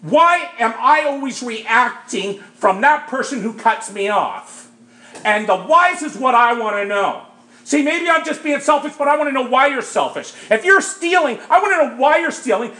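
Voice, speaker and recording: A man with a very high, bright voice gives an emphatic testimony to a group. He keeps asking "Right?" and turns louder at points. The sound is roomy and echoey. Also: expressive, normal speed. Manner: emphatic, asks "Right?" often, bursts louder at times. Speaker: speaker sharing his recovery story.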